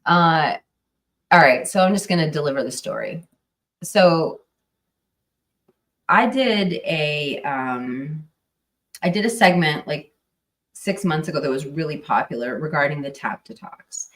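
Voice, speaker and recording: A woman's voice: deep voice, lively intonation, a little slow, pauses often, distant mic. A woman commenting casually on a livestream, hesitant and full of fillers and restarts. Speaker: true crime streamer.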